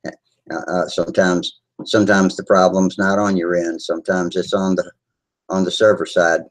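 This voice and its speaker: A man hosting a live video hangout from home, talking in a relaxed, rambling way with plenty of filler words over a video call. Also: deep voice, moderate pace, poor audio. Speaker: host of a model airplane video hangout. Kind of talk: casual live chat.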